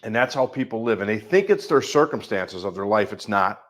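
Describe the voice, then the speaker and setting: Man, middle-aged, Midwestern accent, life coach, fairly low voice, emphatic, rattles off long lists. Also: expressive, fairly quick, a bit bright. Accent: Midwestern American. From American Midwest. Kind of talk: coaching call talk.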